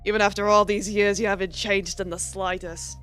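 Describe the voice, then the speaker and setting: A woman's voice: medium pitch, little pitch movement, a little fast, a bit bright, smooth, faint music behind, pitched below the performer's own voice, lightly acted. A woman voicing a polished older male criminology professor with a put-on mock British accent, formal and long-winded, as she reads a visual novel aloud. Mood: amused.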